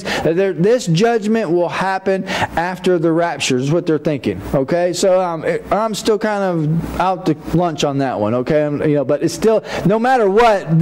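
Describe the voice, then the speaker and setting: A man's voice: high-pitched, a little mellow, slight background noise. A male pastor preaching a sermon in a folksy, conversational way, with frequent restarts and casual asides. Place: church.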